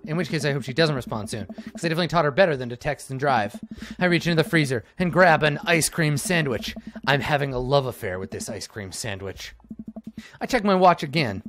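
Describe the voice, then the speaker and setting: A man playing through a video game and reading its text aloud for laughs. His pitch swoops all over as he jokes, and he swings from loud outbursts to mumbled asides with a bit of swearing. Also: a little hiss or hum. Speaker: let's-play gamer. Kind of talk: comedic game read-through.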